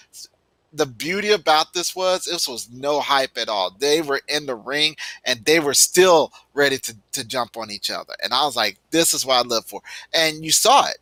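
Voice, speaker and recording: A man's voice: a little high, pushed and bright, no echo. A man co-hosting a sports podcast in casual chat, emphatic and punctuating his points with "okay". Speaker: podcast co-host.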